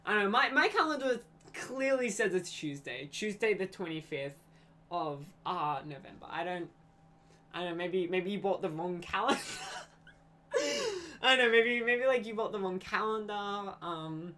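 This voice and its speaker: A young woman talks casually to her stream viewers. Her voice rises and falls in lively swings at a middling pitch, and she giggles often and corrects herself mid-thought. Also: normal speed, slight background noise. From Australia. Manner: scatterbrained, giggly, self-correcting. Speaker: live streamer. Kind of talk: casual rambling stream chat.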